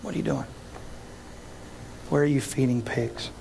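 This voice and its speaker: Animated storytelling male pastor. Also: mid-range voice, unhurried, creaky, slight background noise. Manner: animated storytelling, acts out scenes, addresses listeners directly. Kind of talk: sermon.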